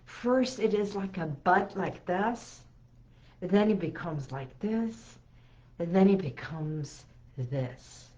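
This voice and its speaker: Slow, soothing woman with muffled sound. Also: fairly low pitch, expressive, a little hiss or hum. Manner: slow, soothing, with gentle emphasis and repetition. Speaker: hypnotherapist and healing coach. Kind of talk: inspirational talk to camera.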